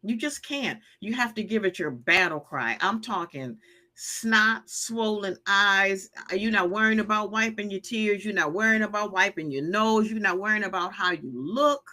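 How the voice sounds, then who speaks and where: A medium-pitched, bright, forceful voice at normal speed belongs to a live show host in her fifties. Giving healing advice, she is emphatic and preachy, circles back to her points, and reads comments from viewers aloud.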